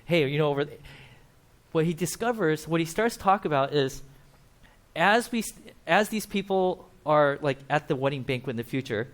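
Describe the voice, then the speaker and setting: Man, pastor, conversational sermon, slightly high pitch, explains with asides. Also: lively intonation, moderate pace. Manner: casual, explains with asides and acted-out quotes. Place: church.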